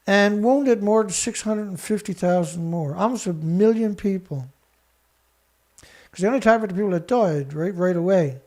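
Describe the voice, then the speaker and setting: A man hosting a show, reading research text aloud haltingly and breaking in with scornful remarks to an absent critic. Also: high voice, mellow. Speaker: show host. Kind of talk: reading documents aloud with commentary.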